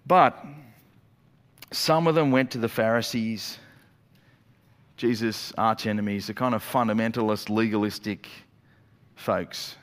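A man preaching a sermon as a pastor, telling the story in a lively way with quick acted-out asides. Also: lowish voice. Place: church auditorium. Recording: long reverb of a church hall.

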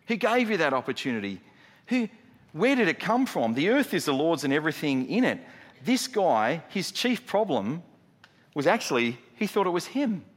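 Emphatic pastor in reverberant hall. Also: male voice, a little high. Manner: emphatic, rhetorical questions, swings from loud to hushed. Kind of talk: sermon. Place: church.

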